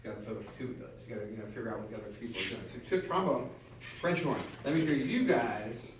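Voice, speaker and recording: A man coaches a small brass ensemble, speaking directly and encouragingly as he counts the players in. His voice sits in a middle pitch. The room is echoey, he is recorded from some distance, and there is faint background noise. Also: expressive, fast talker. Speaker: band clinician coaching a student brass ensemble. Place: band room.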